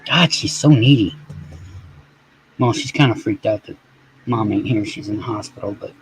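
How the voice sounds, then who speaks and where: A man's voice: lowish voice, moderate pace, a little hiss or hum, low-quality recording. A man chatting casually on a live stream, rambling and swearing freely as he talks to viewers. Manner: rambling and profane.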